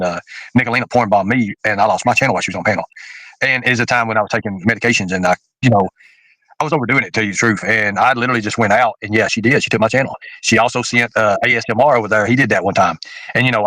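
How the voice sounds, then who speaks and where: Guy on a livestream, talks fast, rambles, lots of ums, dry close sound. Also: fairly low pitch, fairly bright tone, no room sound, poor audio. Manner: rambling, with many fillers and restarts. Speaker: livestream host. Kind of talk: casual livestream chat.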